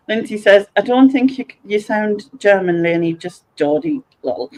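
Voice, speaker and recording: A woman's voice: medium pitch, expressive, a little slow, poor audio. A woman from North East England with a Sunderland accent, hosting a casual livestream and chatting while reading viewer comments aloud. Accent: Sunderland (Mackem). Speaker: livestream host.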